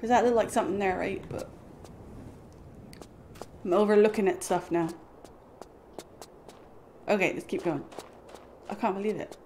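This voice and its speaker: A woman's voice: medium pitch, normal speed, pauses often, dark tone, a little hiss or hum. A young woman streaming a video game live, chatting with viewers, swearing, laughing and talking to her dog. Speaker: gaming streamer.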